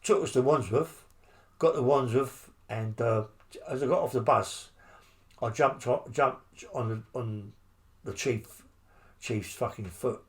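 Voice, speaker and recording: A man's voice: medium pitch, a little slow. An older man with a London accent telling prison stories in an interview, blunt and rambling, full of swearing and tag questions. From England. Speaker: interviewee, former criminal. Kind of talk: storytelling interview.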